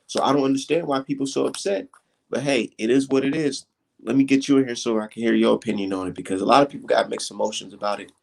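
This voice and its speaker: A man hosting a casual live stream, talking fight talk in loose slang and getting animated as he rants. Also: fast talker, gravelly. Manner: animated, slangy, swings high when mocking critics. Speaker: livestream host.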